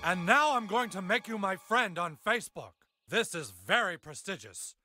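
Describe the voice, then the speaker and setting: A boastful cartoon crusader who sounds pompous and urgent, his voice high and swinging up and down as he insists on his own importance. It is a game voice with light music running underneath. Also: very animated, normal speed.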